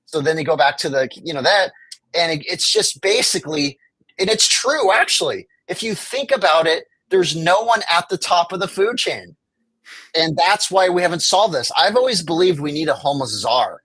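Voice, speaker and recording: In a conversational interview, a guest who advocates for the homeless speaks fairly quickly with lively intonation in a slightly high, somewhat bright voice. He's impassioned and argumentative, acting out what officials would say, and the audio is poor with no echo.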